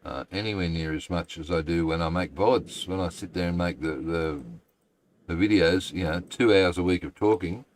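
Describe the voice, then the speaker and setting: Australian male streamer, deep voice, chatty rambler, noisy home setup. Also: normal speed. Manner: rambling, chatty, self-deprecating. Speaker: game streamer. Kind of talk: casual live-stream chat.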